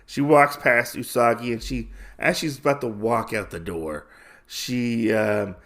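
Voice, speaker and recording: Gravelly, rambling podcast host. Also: male voice, mid-range voice, a little slow, a bit bright. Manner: rambling, with many fillers. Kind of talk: casual comic recap.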